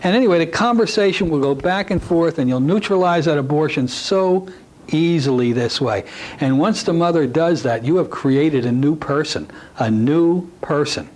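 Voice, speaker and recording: A man's voice: fairly high pitch, normal speed, darkish tone, rough recording. A man teaching a hypnosis technique to a class in a folksy, conversational way, dropping in asides to the audience. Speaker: hypnosis instructor.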